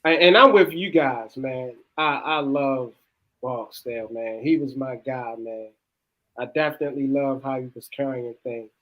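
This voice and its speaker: A man hosting a casual podcast, relaxed and affirming, often ending lines with "man.". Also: medium pitch, unhurried, dull audio. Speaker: podcast host.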